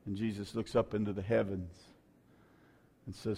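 A male pastor preaching a sermon, moving between quiet storytelling and loud, shouted preaching. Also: fairly low pitch, level tone, moderate pace, slightly rough.

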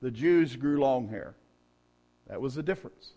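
A man preaching a sermon, telling humorous, folksy stories and rising to loud, emphatic peaks. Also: medium pitch, expressive, moderate pace. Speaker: pastor.

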